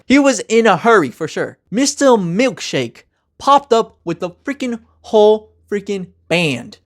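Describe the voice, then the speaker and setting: A young man casually reviewing a TV finale with energetic, slangy, joking talk. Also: high voice, a little slow. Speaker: TV review host.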